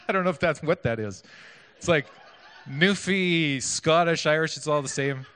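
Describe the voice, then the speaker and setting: Speaking a little slowly and smoothly, a male preacher with a bright, forceful, somewhat high voice gives a conversational sermon, questioning his congregation and adding self-deprecating jokes. The sound echoes at length through a large hall.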